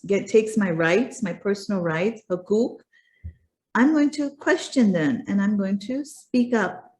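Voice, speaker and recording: A woman speaking earnestly as an interview guest, retelling her own experience. She leans on repeated words for emphasis. Her pitch sits in a middle range. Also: mellow. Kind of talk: personal storytelling in a conversation.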